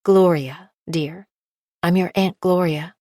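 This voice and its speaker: Brief: tender, tearful middle-aged aunt, free-spirited, low-pitched; woman narrator doing the voice. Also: steady tone, takes it slowly, mellow, no room sound, clean studio sound. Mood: tearful, gentle.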